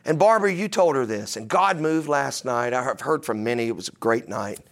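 A man's voice: mid-range voice, lively intonation, fairly quick. A man preaching a sermon in a conversational, joking way, often putting questions to his listeners. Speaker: pastor.

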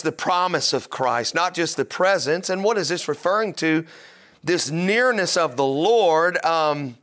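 A man pastor delivering a sermon, telling stories and preaching with rising, emphatic energy. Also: sits high. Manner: animated, rises to loud emphatic preaching.

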